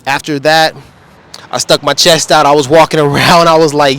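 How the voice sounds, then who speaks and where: A man's voice: fairly high pitch, steady tone, moderate pace, a bit bright, a little hiss or hum. A man talking casually in a rambling, laid-back way with slang, vlogging outdoors. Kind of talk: casual vlog. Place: outdoors beside a wall display.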